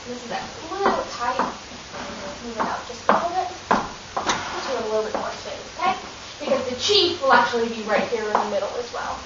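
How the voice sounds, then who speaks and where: A woman's voice: fairly high pitch, expressive, brisk. A woman leading a children's drama rehearsal, upbeat and encouraging, giving step-by-step instructions. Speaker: drama workshop teacher. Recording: distant, echoey, dull lo-fi recording with hiss.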